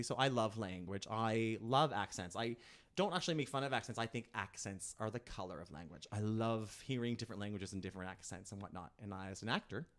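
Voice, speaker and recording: A man chatting as a guest on a live show, telling animated stories full of tangents and laughter. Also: mid-range voice. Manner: animated storyteller, quick tangents, bursts of laughter. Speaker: guest performer. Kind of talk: casual chat on a live stream.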